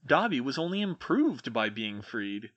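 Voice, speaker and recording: Lively male storybook narrator. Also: medium pitch, a little slow, dull audio. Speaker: audiobook reader. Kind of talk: reading fan fiction aloud.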